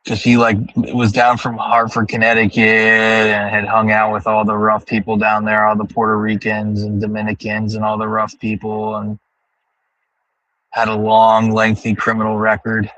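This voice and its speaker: A man's voice: on the low side, completely flat delivery, normal speed, sharp tone, rough recording. A man livestreaming from his car on the drive home, rambling and ranting with heavy profanity as he talks to his chat. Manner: profane, ranting, thinking aloud. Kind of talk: casual rambling monologue.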